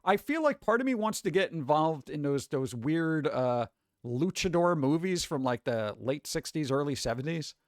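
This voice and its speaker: A man's voice: on the high side, expressive, moderate pace, dry recording, studio quality. A man hosting a casual commentary show, reading a news story aloud and breaking off into rambling, sarcastic asides. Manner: rambling, sarcastic asides, frequent fillers and restarts. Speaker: host.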